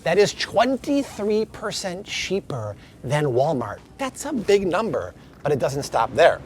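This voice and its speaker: A man's voice: on the high side, huge pitch swings, measured pace, a little hiss or hum. A man vlogging his way through supermarket aisles, emphatically comparing prices in an upbeat tone. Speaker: grocery vlogger. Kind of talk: store walkthrough vlog.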